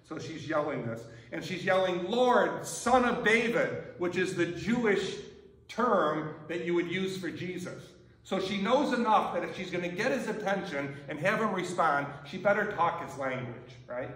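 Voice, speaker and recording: A man preaching a sermon, chatty and conversational, often asking the congregation "right?". His voice sits a little high for a man. It is caught from far off in a reverberant church sanctuary. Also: animated, normal speed, a bit bright. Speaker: pastor.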